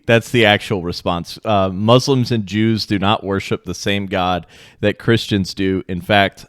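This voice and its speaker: A man speaking as a guest in a casual podcast chat, blunt and deadpan, with dry sarcasm. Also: lowish voice, no echo.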